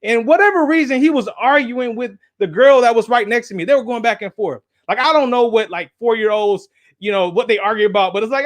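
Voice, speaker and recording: A man with a strikingly high voice gives a guest talk, animated and chatty. He keeps turning to the crowd with "right?" and "y'all", and he acts out the people in his story with small put-on voices. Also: fairly quick. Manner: animated, speaks straight to the audience with "y'all" and "right?". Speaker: guest speaker and engineer. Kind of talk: lively storytelling talk at a symposium.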